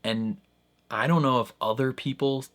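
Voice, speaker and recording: Young male reaction host, middle pitch, rambling casual delivery with plenty of filler words and frequent laughs. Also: fairly even intonation, moderate pace, fairly bright tone. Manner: rambling, heavy on "like" and "I don't know", laughs often. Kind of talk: casual commentary.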